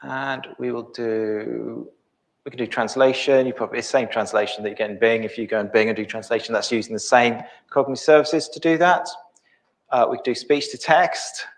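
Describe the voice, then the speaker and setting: A middle-aged man presenting a live software demo, thinking aloud with many ums and restarts. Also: medium pitch, steady tone, fairly quick.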